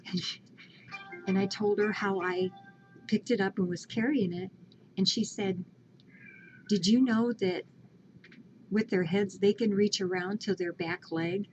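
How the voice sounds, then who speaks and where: A woman's voice: medium pitch, fairly even intonation, unhurried, long pauses, darkish tone, soft background music. A woman animatedly retelling a story in casual chat, laughing often. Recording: lo-fi home video with faint ambience.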